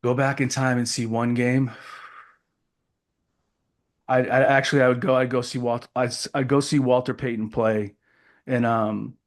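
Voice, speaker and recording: A man in his fifties from New Hampshire, a keynote speaker telling a story as an interview guest and acting out the dialogue. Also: medium pitch. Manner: lively storyteller who acts out the dialogue.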